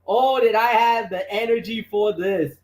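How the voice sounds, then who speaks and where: Excitable guy talking wrestling, keeps restarting, roomy echo. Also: sits high, normal speed. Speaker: wrestling podcast co-host. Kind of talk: casual chat.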